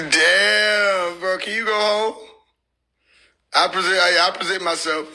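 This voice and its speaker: Male streamer, fairly high and very bright voice, playful and laughing. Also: gravelly, slight background noise. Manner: laughs often, joking and animated. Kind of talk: casual livestream chat.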